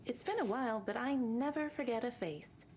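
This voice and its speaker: A chatty, oddly cheerful small-town waitress, voiced by a woman in a game. Her voice sits a little high and sounds slightly eerie. Faint ambience behind. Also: brisk, darkish tone, slight background noise, natural voice.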